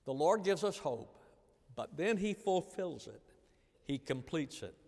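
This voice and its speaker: A man preaching in an earnest, repetitive way, his voice sitting a little high for a man. He swings between ringing emphasis and soft, hushed lines. A long reverb trails every phrase, like a big hall. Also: sing-song, unhurried, gravelly. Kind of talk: sermon.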